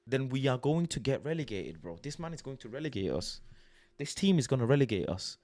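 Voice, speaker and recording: A young man rants about his football club in blunt, slangy language full of swearing. His voice sits in an average pitch range. The recording is dry and close, with no room sound. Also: sing-song, a little fast, a little mellow, dry recording. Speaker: football fan vlogger. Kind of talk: casual rant reading out quotes. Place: home at night.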